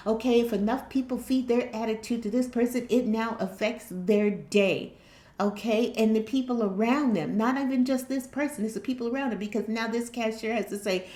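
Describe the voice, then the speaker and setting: A woman's voice: on the high side, moderate pace, dark tone, reverberant. A woman giving casual motivational life advice, acting out everyday dialogues and often checking in with her listeners. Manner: conversational, acts out little dialogues, checks in with "you know what I mean?". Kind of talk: casual motivational talk to camera.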